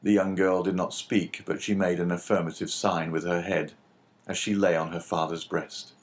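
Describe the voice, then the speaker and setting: Low-voiced male audiobook narrator. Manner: steady, measured storytelling. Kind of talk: scripted narration of a classic novel.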